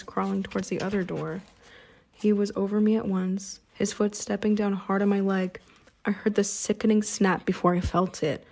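Husky woman narrating an audiobook. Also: medium pitch, warm tone. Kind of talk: first-person audiobook narration.

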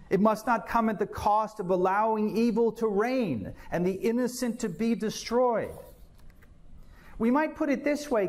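High-voiced man preaching a sermon. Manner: earnest preaching, dramatic scripture reading. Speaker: pastor.

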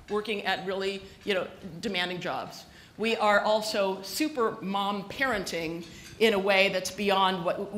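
Bright-voiced woman giving a comic keynote. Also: medium pitch, a little hiss or hum. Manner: chatty, self-mocking storytelling. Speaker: keynote speaker. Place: conference hall with a live audience. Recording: echoey hall recording.

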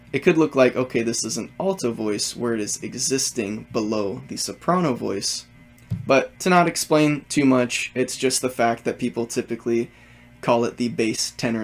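A man gives a music theory lesson in a mid-range voice, working through each point step by step. Faint music plays quietly under his explanation. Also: medium pitch.

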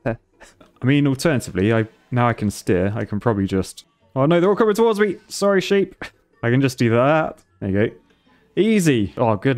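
A man's voice: mid-range voice, darkish tone. A man commentating his gameplay on a stream, thinking aloud and laughing often.

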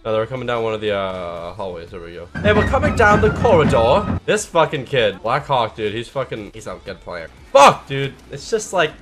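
A man giving live, profane gameplay commentary, mostly laid-back and mumbling, bursting into shouts at big plays. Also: fairly low pitch, big pitch swings, normal speed, few pauses, soft background music. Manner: profane, swears constantly. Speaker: gaming channel host.

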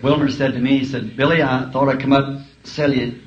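A man's voice: mid-range voice, fairly even intonation, fairly quick. A male preacher telling humorous, folksy stories in a sermon, chuckling as he talks. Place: school auditorium. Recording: dull lo-fi archive tape, faint hiss.

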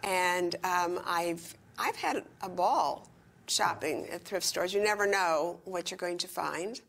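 With a lowish, creaky, fairly bright voice, an older woman chats casually and enthusiastically in quick bursts as an interview guest at a retirement community.

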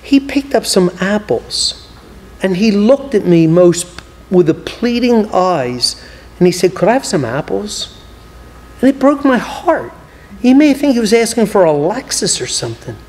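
A man's voice: high voice, very animated, a little slow, darkish tone. A man preaching as an evangelist, telling stories animatedly and acting out both sides of each conversation. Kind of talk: sermon storytelling. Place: church hall. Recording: long church hall reverb.

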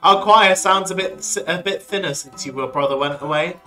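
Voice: mid-range voice, moderate pace, sharp tone, soft background music, close to an everyday voice. A streamer voicing a kindly, formal priest from a video game, speaking in an earnest, imploring way.

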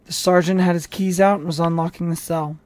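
Storybook narrator, mid-pitched, unhurried and steady, dry close recording. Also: no room sound. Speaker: audiobook reader. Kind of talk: reading a novel aloud by chapter.

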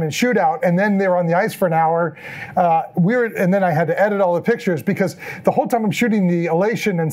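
A middle-aged man giving a storytelling talk as an event photographer, acting out the lines people said. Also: sits high. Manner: animated, acts out quoted lines in the story. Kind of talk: storytelling presentation.

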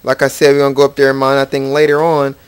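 Fast and smooth, with a completely flat delivery at medium pitch, a man narrates his gameplay for his gaming channel. Though his tone never moves, he rambles playfully and addresses game characters directly. The recording has no echo, just faint game music behind him.

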